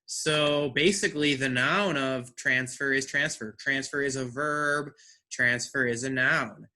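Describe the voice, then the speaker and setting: A man's voice: mid-range voice, a little slow, sharp tone. A man teaching an English class, who checks understanding with frequent "right?" and repeats words to drill their stress.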